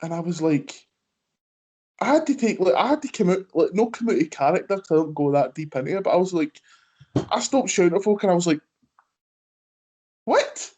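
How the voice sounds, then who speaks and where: A man's voice: high voice, lively intonation, quick pace, a little mellow. A Scottish man hosting a wrestling podcast, talking in a rambling casual way full of "like" and "aye". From Scotland. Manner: rambling, peppered with "like" and Scots "aye". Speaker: podcast host. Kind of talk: casual chat.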